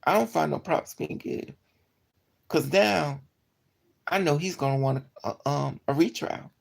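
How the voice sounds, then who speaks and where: A woman tells a personal story to her viewers in a low, husky voice. Her voice is heavy with fry, and her pitch swings widely as she gets animated. She talks bluntly, with plenty of profane slang. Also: measured pace. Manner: animated, swings into high yelps for quoted lines. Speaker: streamer telling a personal story. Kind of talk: casual storytelling.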